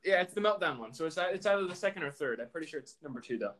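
A young man co-hosting a casual chat with friends, animated and laughing, often quoting lines in put-on voices. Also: fairly high pitch, very fast.

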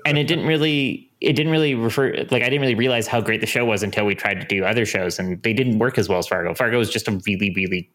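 A man's voice: fairly low pitch, fast talker, hardly any pauses. A young man co-hosting a podcast, chatting casually and full of enthusiasm, with many fillers. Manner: relaxed, filler-heavy, enthusiastic about the show. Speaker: podcast co-host. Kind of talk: casual chat.

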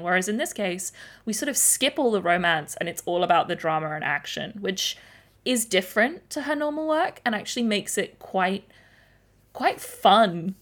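A woman's voice: lowish voice, a bit bright. A woman co-hosting a casual book discussion, explaining the plot enthusiastically and laughing now and then. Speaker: podcast co-host.

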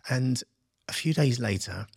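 His voice sits mid-range, slightly rough and creaky, and he talks a little slowly. The man, an English entrepreneur in his thirties, is a guest on a podcast, narrating his life story in a casual interview and animatedly voicing others' lines. The studio sound is clean, without echo.

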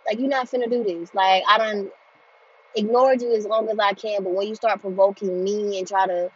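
A woman in her twenties telling a story in a casual monologue, blunt and animated, swearing freely. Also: mid-range voice, moderate pace, husky. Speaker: group home staff telling a story. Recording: dull lo-fi sound.

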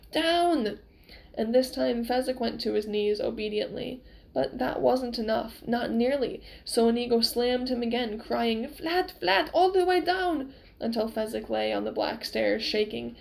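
A woman reading a novel aloud with expressive storytelling. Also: fairly high pitch, creaky, low-quality recording. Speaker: reader.

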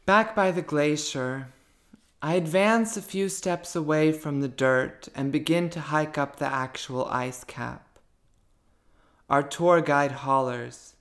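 A woman's voice: deep voice, takes it slowly. A woman author talking about her writing and then reading her own prose aloud, thoughtful and searching for words.

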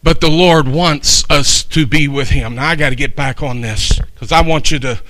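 A man preaching a sermon, swinging from shouted peaks to soft, slow asides and folksy, humorous stories. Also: a little high, poor audio. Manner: folksy storytelling with homespun humor.

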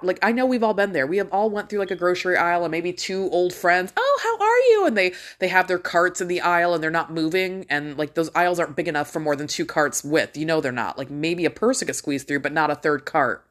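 A middle-aged woman ranting casually to her viewers, blunt and full of swearing as she tells a story. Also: on the low side. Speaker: vlogger.

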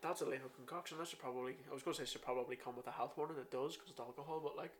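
A Northern Irish podcast host in his twenties chats casually and jokes with a friend, his mid-range voice steady in tone and rapid-fire. He's jokey and chatty, wandering off on tangents with fillers, and there's slight background noise.

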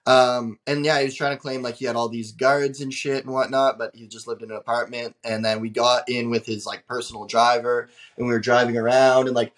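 A young man co-hosting a casual podcast chat, telling a travel story in an animated, incredulous way, full of "like" and swearing. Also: mid-range voice, a little fast, few pauses. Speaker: podcast co-host.

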